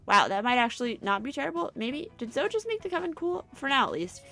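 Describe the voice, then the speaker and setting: A preachy do-gooder schoolgirl, as a woman puts her on, indignant and lecturing. Fairly high voice with faint music behind. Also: very animated, fast, vocal fry, bright, forceful tone, full character voice. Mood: grudging. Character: prim do-gooder girl, preachy and self-important.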